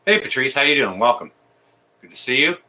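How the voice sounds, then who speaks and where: Casual male livestream host, bright voice, friendly, halting, filler-heavy. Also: mid-range voice, sing-song. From Canada. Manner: friendly, chatty, many ums and uhs. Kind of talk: casual live chat greeting viewers.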